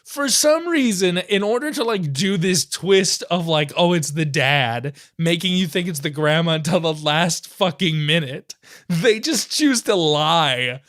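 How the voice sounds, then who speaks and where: A man co-hosting a podcast, excitedly retelling a movie in casual chat, laughing often. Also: high voice, a little slow. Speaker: podcast co-host. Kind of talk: casual film review chat.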